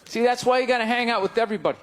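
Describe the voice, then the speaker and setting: A middle-aged man doing a stand-up comedy set, ranting in an exasperated way and breaking into sudden shouts, at a comedy club. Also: very high voice, racing. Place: comedy club stage before a laughing crowd. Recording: live club recording, loud crowd laughter, noisy.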